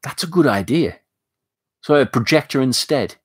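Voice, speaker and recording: Northern English male streamer, rambling casual chat, mid-pitched, dry close sound. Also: animated, normal speed, slightly rough, dry recording. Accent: Northern English, mixing northwest and northeast. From north of England. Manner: rambling and chatty, with frequent fillers and restarts. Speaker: live stream host reading chat.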